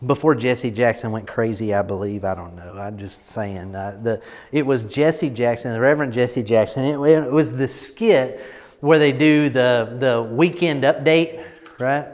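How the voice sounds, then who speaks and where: A man's voice: medium pitch, a little slow, darkish tone, in a large hall. A man coaching a group on presentation, talking casually and emphatically and often checking in with "right?". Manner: emphatic, repeats words, lots of "right?". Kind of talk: casual teaching talk.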